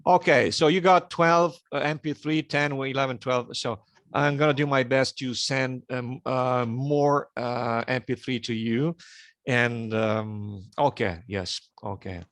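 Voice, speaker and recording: A man with an Italian accent chats on a video call, hesitant and full of fillers and restarts. His voice sits at a middle pitch with a dry, close sound. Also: steady tone, unhurried, a bit bright, no echo. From Italy. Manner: hesitant, many fillers and restarts, laughs often. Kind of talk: casual online meeting chat.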